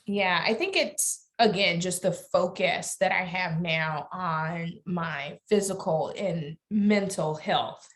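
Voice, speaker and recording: A woman's voice: lowish voice, slow, hardly any pauses. A middle-aged woman with a Southern US accent from Alabama, speaking earnestly as a guest in an interview. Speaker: guest lawyer. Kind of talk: interview conversation.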